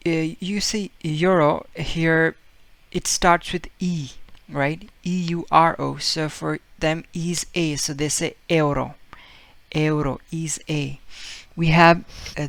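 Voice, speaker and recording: A man's voice: a little high, steady tone, slow pace, vocal fry, a bit bright, no room sound. A man giving a casual video language lesson, explaining with fillers and repeating example words as he acts them out. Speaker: Spanish teacher.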